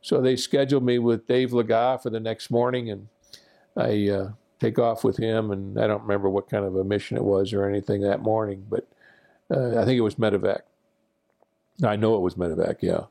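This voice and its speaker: An older man, once a military pilot, tells a rambling, self-deprecating anecdote from his war memories, full of fillers and restarts. His voice is on the low side and warm, with vocal fry, a steady tone and a brisk pace.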